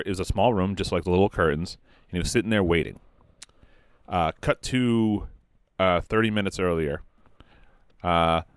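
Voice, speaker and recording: A man improvising a crude comic story on a podcast, rambling with many fillers and quick quoted voices. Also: low-pitched, dry recording. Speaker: comedy podcast host.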